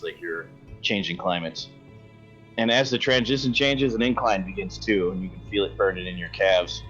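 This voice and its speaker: Game master, male, low voice, meandering scene narration; dull lo-fi mic, faint music underneath. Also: a bit bright. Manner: descriptive, rambling, self-correcting.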